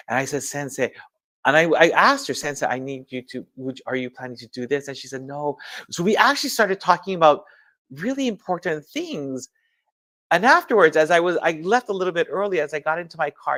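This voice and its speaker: A man's voice: a little high, very animated, normal speed, a bit bright. A man giving a personal testimony sermon at a church memorial service, telling his story with animation, acting out the quoted dialogue and mixing Japanese terms into his English.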